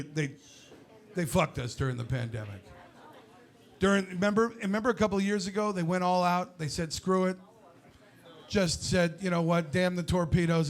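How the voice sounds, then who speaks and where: High, bright-voiced ranting comic. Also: male voice. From United States. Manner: ranting, profane, shouting punchlines. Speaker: stand-up comedian. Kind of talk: stand-up comedy set.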